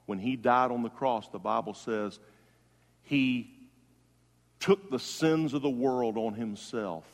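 A male pastor preaching a funeral sermon, swinging from loud emphatic calls to hushed, soft tones. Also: mid-range voice, slow pace, pauses often, long reverb tail.

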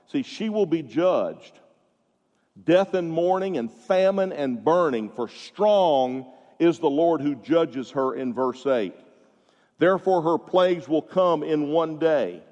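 A man preaching a sermon as pastor, stressing his points with emphatic rises and drawn-out words. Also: medium pitch, a little mellow, big-room sound, highs cut off.

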